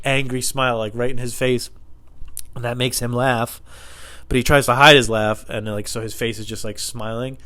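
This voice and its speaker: A young man vlogging at home into a tiny close microphone, telling a story in a profane, animated way and laughing often. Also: medium pitch, brisk. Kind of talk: casual storytelling. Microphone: tiny microphone held close.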